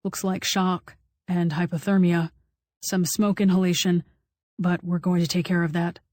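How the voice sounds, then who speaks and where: A woman narrator voicing a calm, cool-voiced male firefighter who talks in a brisk, matter-of-fact way in an audiobook. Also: high voice, no room sound, studio quality, lightly acted.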